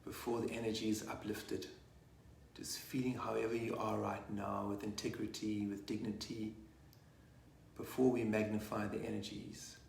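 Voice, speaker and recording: A man and sangoma leading a guided meditation, talking softly and gently between chants. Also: on the low side, flat delivery, gravelly, reverberant, a little hiss or hum. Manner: soft, gentle, slow spoken guidance.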